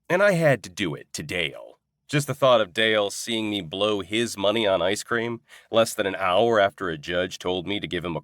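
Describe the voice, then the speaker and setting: A man's voice: lowish voice, fairly bright tone, no room sound, clean studio sound. A man narrating a comic fantasy audiobook in the first person, with a wry, sardonic storytelling manner.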